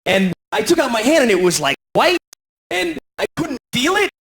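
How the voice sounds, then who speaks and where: A gravelly, slightly bright American man does a crude, self-deprecating comedy routine at a moderate pace. Acting out voices, he swings his pitch dramatically.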